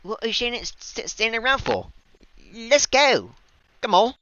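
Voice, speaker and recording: A man doing a loud, high bossy camp girl. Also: big pitch swings, moderate pace, lo-fi sound, exaggerated voice. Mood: impatient.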